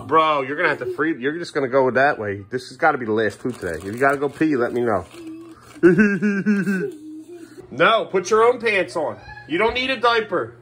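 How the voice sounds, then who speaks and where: Exasperated dad, lively swooping voice. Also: male voice, on the high side. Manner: exasperated, half-laughing. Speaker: father filming his kids. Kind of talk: casual home vlog. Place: family home.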